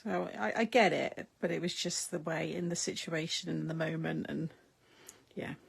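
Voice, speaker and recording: A middle-aged woman chats away to her viewers while she crafts. Her voice is gravelly and a little husky. She rambles, laughs often and lets sentences trail off. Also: sits low, moderate pace. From United Kingdom. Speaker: craft live-stream host. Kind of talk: casual chat while crafting, replying to viewer comments.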